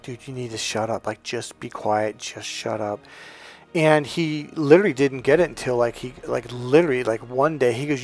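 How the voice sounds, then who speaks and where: A man in his fifties, a dating coach giving a blunt, profane, emphatic motivational monologue. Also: mid-range voice. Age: 50s.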